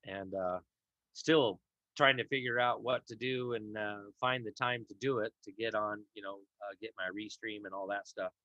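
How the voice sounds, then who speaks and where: A tired man hosts a casual livestream, rambling through viewer comments with plenty of fillers. His low voice has a forceful, sharp edge. The sound is dull and lo-fi, and dry, with no room echo. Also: fairly even intonation, normal speed. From Idaho, US. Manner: rambling with many fillers and restarts. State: tired, yawning. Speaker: host of a law livestream. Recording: dull lo-fi stream audio.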